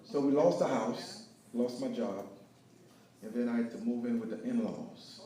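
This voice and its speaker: Man giving a testimony in an echoey hall. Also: medium pitch. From Haiti. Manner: preachy, animated storytelling with shifts between loud and hushed. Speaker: guest speaker. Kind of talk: inspirational testimony talk. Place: event hall with live audience. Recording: echoey hall, picked up from far off.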